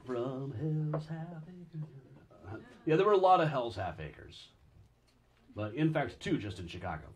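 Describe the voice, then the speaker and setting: A man giving a public history lecture, telling stories in an animated, wry and chatty way. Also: medium pitch, normal speed.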